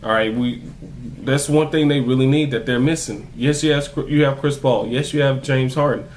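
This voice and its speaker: A young man rants to his camera about his basketball team, heated and cursing, hammering each point twice. His voice sits at an ordinary middle pitch, with a faint hum of room ambience under it. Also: moderate pace. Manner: heated, profane, repetitive emphasis. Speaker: basketball fan vlogger. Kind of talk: ranting sports commentary to camera.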